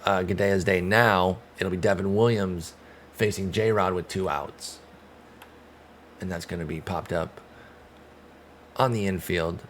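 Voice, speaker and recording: Gaming streamer, male, deep voice; relaxed play-by-play that flips into exasperated outbursts. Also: a little hiss or hum. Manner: animated, swings from calm calls to loud outbursts and groans. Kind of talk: casual play-by-play of a baseball sim.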